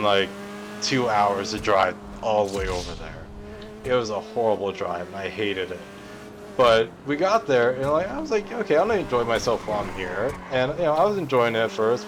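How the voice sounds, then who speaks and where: A young man streaming a game, telling a childhood story in a rambling, swearing way and shouting when he acts out quotes. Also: medium pitch. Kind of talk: casual storytelling while gaming. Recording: faint background noise.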